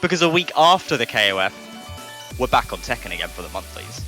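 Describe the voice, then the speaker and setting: A man's voice: mid-range voice, very animated, fast talker, pushed and bright, faint music behind. A man co-casting an online fighting game tournament, trading upbeat, joking banter with his partner. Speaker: co-caster. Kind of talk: casual live stream commentary. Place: home, indoors.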